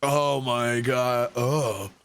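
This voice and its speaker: A man voicing a drunk, belligerent young male soldier who curses and drags his words out slowly. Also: medium pitch, fairly even intonation, pitched below the performer's own voice. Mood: scornful. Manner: rough, cursing, drawn-out slow delivery.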